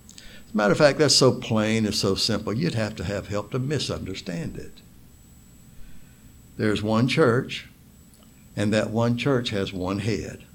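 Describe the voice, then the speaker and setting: A man preaching a sermon in a slow, deliberate way, stressing single words and reading scripture aloud. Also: fairly low pitch, gravelly, husky. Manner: reads scripture aloud in King James wording.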